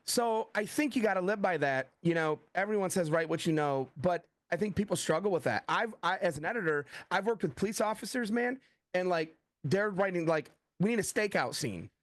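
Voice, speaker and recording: A man's voice: high voice, a little fast, no echo. A middle-aged American man, a thriller author, chatting in an interview, telling stories animatedly and acting out quoted dialogue. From USA. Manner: animated storyteller, acts out quoted dialogue, frequent "like". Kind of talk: casual interview talk.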